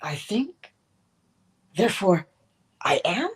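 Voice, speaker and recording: A woman's voice: medium pitch, big pitch swings, slow, slightly rough. A woman hosting a spiritual morning livestream talk, playful and laughing often as she acts out little quotes.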